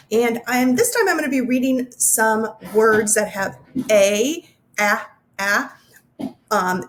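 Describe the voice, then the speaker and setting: A woman teaching a phonics lesson to young children, sounding out letter sounds slowly and clearly. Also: a little high.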